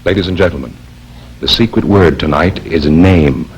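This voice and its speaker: A man announcing a comedy quiz show, reading the sponsor copy in a measured, showman's delivery. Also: low voice, a little hiss or hum, poor audio. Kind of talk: formal radio announcing and ad reading. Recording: old broadcast recording with music under it.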